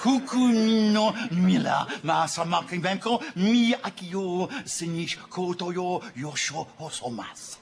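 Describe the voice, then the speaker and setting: A man playing a Japanese nuclear plant official in a sketch, speaking mock-Japanese gibberish in shouted bursts. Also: high voice, animated, slow pace, creaky, hardly any pauses, slight background noise, heavily acted. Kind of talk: sketch comedy.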